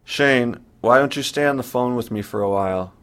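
A man's voice: mid-range voice, moderate pace, a bit bright, smooth, natural voice. A man voicing a distraught middle-aged mother on the phone, speaking in a tearful, pleading way. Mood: soothing.

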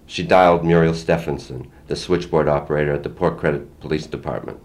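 An older man reading his own first-person story aloud in a plain, measured way. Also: very deep voice, steady tone, a little mellow. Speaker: memoir reader.

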